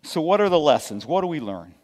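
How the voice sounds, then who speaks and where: A middle-aged man, a pastor, preaching a sermon with dramatic swings from hushed to loud and folksy asides. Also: fairly high pitch, very animated, quick pace. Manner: folksy asides and repeated okays. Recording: long hall reverb from a church sanctuary.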